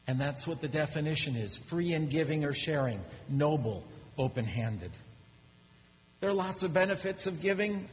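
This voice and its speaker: A man preaching a sermon as pastor, telling stories with animated, rising energy. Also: a little hiss or hum. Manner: animated storytelling, rising pitch when excited. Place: church sanctuary. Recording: muffled recording in a large reverberant church.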